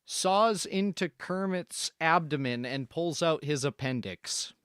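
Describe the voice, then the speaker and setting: Man, Canadian accent, casual stream chat, deadpan jokes, lively pitch. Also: slow, clean tone, no room sound, studio quality. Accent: Canadian English. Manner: playful, deadpan, laughing often.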